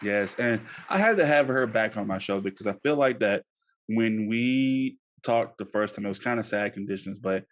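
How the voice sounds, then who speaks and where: A man's voice: lowish voice, moderate pace. A man hosting a casual podcast, talking earnestly and encouragingly, with many fillers. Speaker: podcast host.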